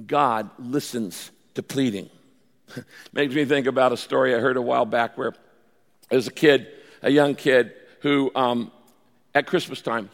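A man preaching a sermon as a pastor, storytelling with animated delivery and acting out pleading voices. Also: mid-range voice. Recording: large hall with long reverb.

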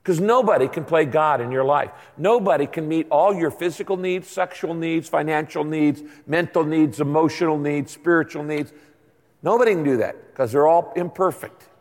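A man's voice: fairly high pitch, moderate pace. Older man preaching in a reverberant hall. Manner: conversational preaching with emphatic asides. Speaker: pastor. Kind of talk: sermon.

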